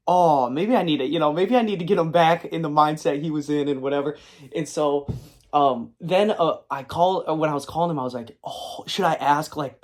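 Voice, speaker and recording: A young man telling a long, rambling anecdote in casual talk, full of fillers and acted-out quotes, speaking from his car. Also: a little high. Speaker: comic collector and video creator. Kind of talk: casual storytelling to camera. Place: his car, in a parking lot.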